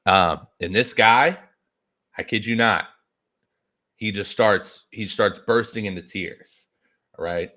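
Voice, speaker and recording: Low-voiced man telling a wild story. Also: slow, long pauses, sharp tone. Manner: profane, rambling, lots of filler words. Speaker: podcast host. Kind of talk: casual storytelling chat.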